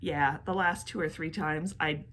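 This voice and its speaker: Woman podcast co-host, chatty, a bit low, faint background noise. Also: fairly even intonation, unhurried. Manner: chatty, laughs often. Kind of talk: casual chat.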